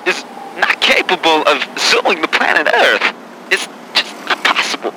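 A man doing a comedy impression of a deadpan male film actor who speaks in halting, oddly paced phrases. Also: on the high side, creaky, noisy background, heavily acted.

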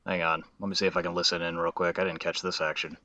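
A man's voice: sits low, flat delivery, quick pace, pushed and bright, lo-fi sound. A man co-hosting a casual sports podcast, joking and sarcastic. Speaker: podcast co-host.

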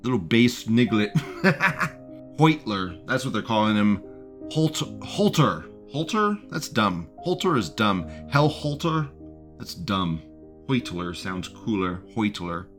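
A man's voice: on the low side, sing-song, takes it slowly, fairly bright tone, faint music behind. A man hosting a live show, rambling in casual commentary, laughing often and repeating himself. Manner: reads out chat messages in a mocking tone.

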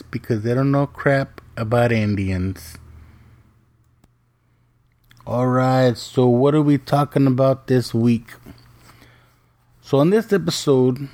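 Slow-talking, mellow-voiced male podcast host. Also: medium pitch. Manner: chatty, joking storyteller. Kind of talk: casual monologue.

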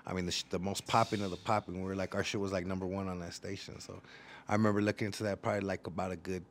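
A man with a West Coast accent talks quickly in a lowish voice, loose and profane. He tells stories with animated energy in a casual interview chat. Faint ambience hums behind him. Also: slight background noise. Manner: fast, profane, animated storytelling. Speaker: rapper guest.

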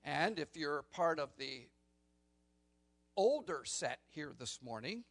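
A man's voice: a little high, big pitch swings, slow pace. A male pastor preaching a morning sermon in church, pressing his points with emphatic rhetorical questions to the congregation. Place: church sanctuary during a morning service.

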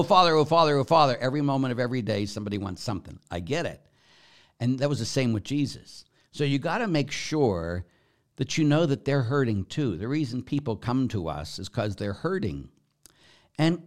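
A man, a Catholic priest hosting a podcast, talks bluntly and with passion, moving from loud emphatic lines to near-whispers. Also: medium pitch. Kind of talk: podcast monologue answering questions.

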